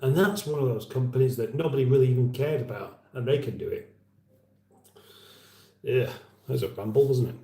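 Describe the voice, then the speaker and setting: A man's voice: mid-range voice, normal speed, pauses often, warm tone, reverberant. A man hosting a casual livestream, rambling chattily and reading out viewer comments. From United Kingdom. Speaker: livestream host.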